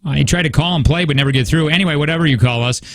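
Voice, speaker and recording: Fast-talking playful male radio co-host. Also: a little high, fairly bright tone, a little hiss or hum. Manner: playful, teasing, reads listener comments aloud. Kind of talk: casual radio banter. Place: radio studio.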